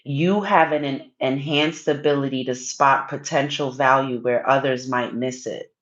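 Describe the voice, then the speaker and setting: A woman with a low voice and an unhurried pace hosts a livestream, teasing and coaxing her viewers as she reads out their cards. The sound is a little dull and muffled. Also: steady tone. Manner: teasing, coaxing, playfully pushy. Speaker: livestream host reading viewer comments. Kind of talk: casual livestream chat with card readings.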